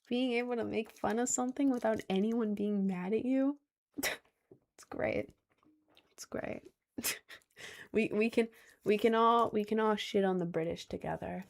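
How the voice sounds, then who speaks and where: A woman's voice: fairly high pitch, measured pace, vocal fry, pauses often. A young woman streaming and reading her chat, giggly and rambling, full of slang and self-conscious asides. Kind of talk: casual live-stream chat.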